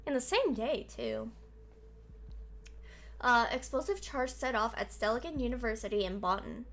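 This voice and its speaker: A woman streaming a game live, reading its text aloud and chatting back at the story in a lively, talkative way. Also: fairly high pitch, moderate pace, pauses often.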